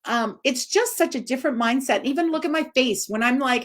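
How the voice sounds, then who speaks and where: A woman in her forties, a dog trainer giving an informal live video talk, expressive and swinging up high for emphasis. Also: normal speed, hardly any pauses.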